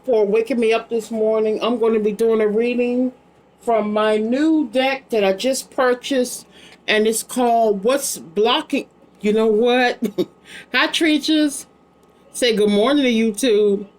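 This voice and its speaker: A chatty middle-aged woman runs a relaxed psychic card reading. She rambles easily from card to card, talking in a warm, everyday tone. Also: a little high, slow pace. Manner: chatty, rambling, affectionate asides to her child. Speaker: psychic tarot reader. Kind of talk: casual live card-reading vlog.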